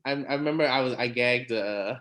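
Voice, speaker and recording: A man hosting a relaxed recap show, voice sitting in a middle pitch. He talks in a chatty, animated way, full of quick asides and little laughs. It is casual conversation, never scripted. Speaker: podcast host.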